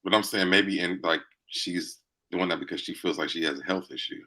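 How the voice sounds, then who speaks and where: A man with a low voice and a bright, forceful tone co-hosts a casual reality show recap. He chats in a laid-back way and is quick to laugh along. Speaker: recap co-host.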